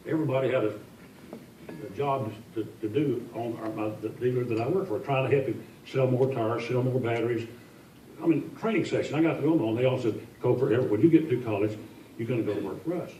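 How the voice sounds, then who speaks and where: An older Tennessee guest speaker talks quickly in a warm, medium-pitched voice, telling folksy, humorous stories at his own expense after dinner. He's heard from a distance in a large, echoey indoor function room, with slight background noise.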